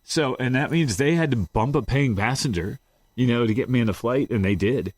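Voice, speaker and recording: A man telling a grieving personal story as an interview guest, halting and acting out his own past words in quotes. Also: mid-range voice, no echo.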